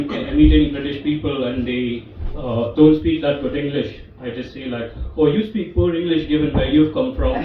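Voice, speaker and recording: A man telling stand-up stories in an easygoing, self-mocking way, picked up from far off in a very echoey live room. The sound is a bit dull and muffled, with faint background noise and audience laughter. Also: mid-range voice. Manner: laid-back, self-deprecating with frequent fillers. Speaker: stand-up comedian. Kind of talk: stand-up storytelling.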